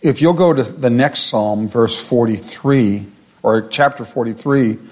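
A man teaching a Bible study at a middle pitch, his talk loose and conversational with fillers and restarts. When he reads scripture he slows right down and leans on each phrase with deliberate emphasis. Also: a little mellow.

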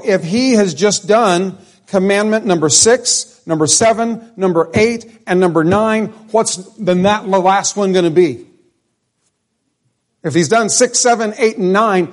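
A male pastor preaching a conversational sermon in a church, asking the congregation questions as he goes. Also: high-pitched. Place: church sanctuary.

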